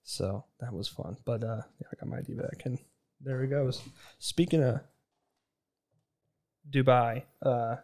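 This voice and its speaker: A young man in his twenties tells loose, profane stories in a relaxed chat. His tone is mellow and warm, and he keeps slipping into quick impressions of the people he is quoting. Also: medium pitch. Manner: rambling, profane, acts out quoted voices. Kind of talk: casual storytelling chat.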